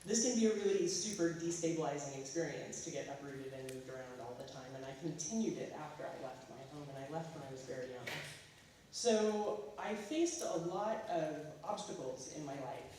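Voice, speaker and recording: Casual American woman speaker, halting delivery; distant mic, very echoey school hall. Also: sits low, mellow, slight background noise. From California. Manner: casual, halting, filler-heavy. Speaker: guest speaker, artist. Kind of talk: school talk.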